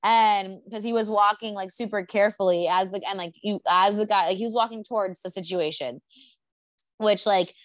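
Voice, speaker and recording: A young woman chats casually from her apartment, rambling through a story full of filler words and swearing. Her voice sits at a middle pitch, and the sound is close and dry with no room echo. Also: fairly even intonation, moderate pace. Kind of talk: casual chat.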